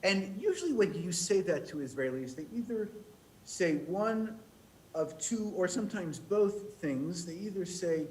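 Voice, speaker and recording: An American man from the United States telling a humorous story as a rabbi leading services, with quick restarts. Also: high-pitched, expressive, darkish tone, rough recording. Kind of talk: storytelling sermon.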